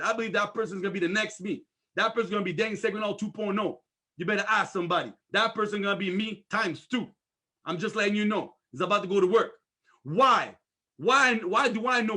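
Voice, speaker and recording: A man giving an energetic motivational sales training, repeating himself and firing off rhetorical questions. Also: sits high.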